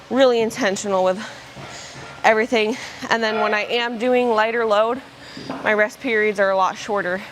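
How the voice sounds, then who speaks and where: A woman's voice: mid-range voice, a little hiss or hum. A young woman casually vlogging her workout at the gym, chatty and loose, dropping "like" and "bro". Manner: chatty, filler-heavy, says "like" and "bro". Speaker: fitness vlogger. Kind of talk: casual vlog chat during a workout.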